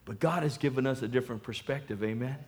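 A male pastor preaching a sermon, animated, calling for amen and swinging between loud and hushed. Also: mid-range voice, fast talker, slightly rough.

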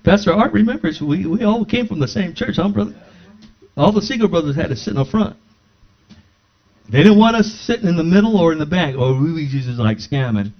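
A man preaching a sermon, telling a personal story with lively acted-out dialogue. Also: on the high side, a little fast. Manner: animated, acts out dialogue in his stories. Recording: dull lo-fi recording.

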